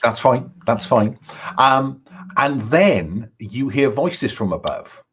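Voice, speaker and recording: A man's voice: medium pitch, expressive, slow pace, fairly bright tone, dull audio. A man running a tabletop horror game as game master, talking with many ums and restarts.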